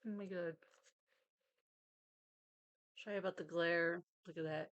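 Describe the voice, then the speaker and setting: A woman's voice: lowish voice, steady tone, a little slow, long pauses, a bit bright, dull audio. A woman chatting casually at her craft desk at home, rambling and laughing often as she unpacks a parcel. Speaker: vlogger. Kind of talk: casual chat.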